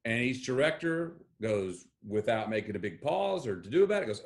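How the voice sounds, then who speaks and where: Animated Texan man telling stories. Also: medium pitch, moderate pace, few pauses. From Texas. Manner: acts out quoted voices, emphatic. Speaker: guest actor. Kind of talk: animated storytelling interview.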